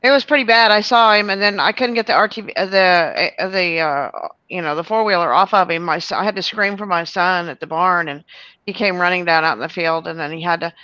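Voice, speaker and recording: A woman's voice: on the low side, a little fast, no room sound, lo-fi sound. A woman telling a long, rambling story on a show, full of fillers and restarts. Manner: animated, many fillers and restarts.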